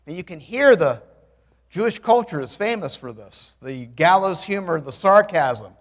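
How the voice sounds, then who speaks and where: A man in his sixties preaching a sermon in a church, telling stories in an animated way with dry humor and bursts of loud exclamation. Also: sits high, moderate pace, in a large hall. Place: church sanctuary.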